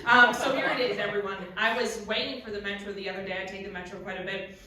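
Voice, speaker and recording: A young adult woman from Maryland performing a stand-up comedy set, telling a story with big shouted punchlines. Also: mid-range voice, steady tone, fast. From Maryland, USA. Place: comedy club stage. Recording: echoey club from a distant mic.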